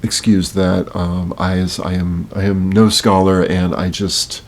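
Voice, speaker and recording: A man's voice: low-pitched, level tone. A man in his sixties from Miami, a podcast host reciting a poem dramatically and then reflecting on it with hesitant, searching talk. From Miami, Florida. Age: 60s. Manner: slow dramatic reading, hesitant afterwards.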